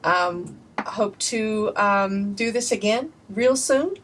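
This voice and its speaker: A woman's voice: medium pitch, slow pace. A woman hosting a casual interview, chatty and exuberant. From United States. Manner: warm-hearted, exuberant, chatty. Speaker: host. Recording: distant mic with faint room noise.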